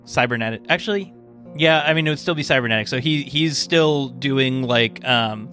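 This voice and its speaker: A man's voice: mid-range voice, normal speed, pushed and bright, faint music behind. A man narrating as game master of a tabletop role-playing game, rambling with many fillers and restarts.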